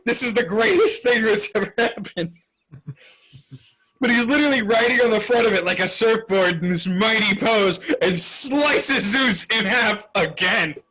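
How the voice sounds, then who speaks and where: A man co-hosting a podcast, excitedly recapping a comic chapter in casual chat and laughing often. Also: sits high, husky, low-quality recording. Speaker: podcast co-host.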